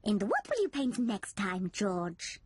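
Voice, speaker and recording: A kind, sing-song gazelle teacher. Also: female voice, mid-range voice, wildly swooping pitch, takes it slowly, darkish tone, slightly rough, dry recording, heavily acted. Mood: encouraging. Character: kind, gentle gazelle playgroup teacher, adult female. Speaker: playgroup teacher. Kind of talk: cartoon voice acting.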